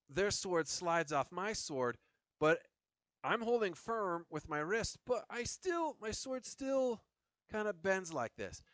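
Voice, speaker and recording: Lively saber coach, dry close sound. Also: male voice, a little high, dry recording. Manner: lively, chatty, jokey asides with laughs; counts drill calls while moving. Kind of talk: demonstration lesson.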